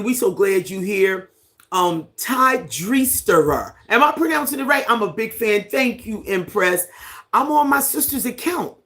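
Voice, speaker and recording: Relaxed and in no rush, this host, ten years on a Caribbean island, reads out viewer comments and greets people during a casual livestream. The voice sits mid-range, recorded indoors at home near a fan.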